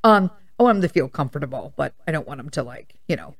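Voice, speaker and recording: A woman's voice: low voice, animated, quick pace. A woman in her thirties or forties hosting a casual chat podcast, rambling through personal stories with tangents and blunt, profane asides. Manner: blunt and profane when worked up. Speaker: podcast host.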